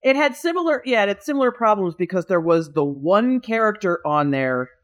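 Woman, podcast co-host, casual chat, enthusiastic, rambling, middle pitch, close mic. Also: expressive. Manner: enthusiastic, rambling, quick to agree.

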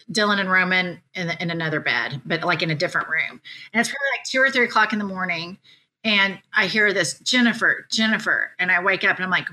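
A woman from Oklahoma with an Oklahoma accent, a reality show cast member telling stories in a wry, animated way. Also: mid-range voice. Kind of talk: casual chat, storytelling.

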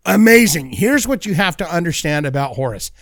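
A man's voice: fairly high pitch, big pitch swings, a bit bright, dry recording, studio quality. A man co-hosting a podcast, chatting casually with frequent swearing and joking. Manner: profane, drawn-out, joking. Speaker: podcast co-host. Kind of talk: casual chat.

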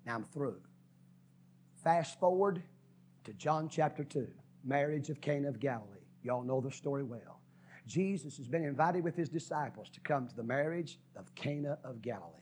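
A man preaching a sermon, folksy and dramatic, swinging from shouts to whispers and stretching out key words. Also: medium pitch, animated, slight background noise. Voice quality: husky. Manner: preaching with sudden shouts and drops to a whisper, folksy, drawn-out stresses. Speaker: pastor.

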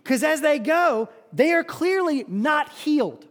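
A male pastor preaching a sermon, telling the story in an animated way and often repeating words. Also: very high voice, unhurried. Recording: long hall reverb.

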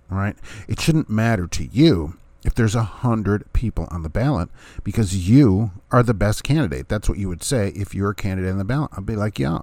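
Low-voiced man on a casual rant. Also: a little mellow, no echo. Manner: ranting, rhetorical questions, chuckles, acts out others' words. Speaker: vlogger, former third-party candidate. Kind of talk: casual opinion monologue.

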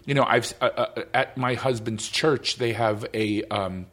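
Speaking unhurriedly in a medium-pitched, slightly bright voice, a man hosts a casual podcast interview. He comes across as effusive and emotional and tends to repeat himself.

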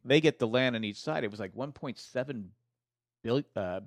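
A man's voice: medium pitch, normal speed, no room sound, studio quality. A man hosting a casual chat, recapping a TV western in a rambling way with lots of restarts. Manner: rambling, many restarts, retells scenes. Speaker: podcast host recapping a TV western.

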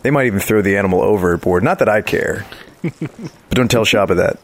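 A man at a tabletop game trades dry jokes, slipping in and out of his character. His voice sits somewhat low. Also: animated, fairly quick. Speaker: player. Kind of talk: casual tabletop game chat.

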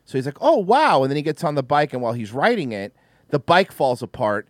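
A man in casual chat who gets animated, swears and acts out cartoon lines. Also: medium pitch, fast, no echo.

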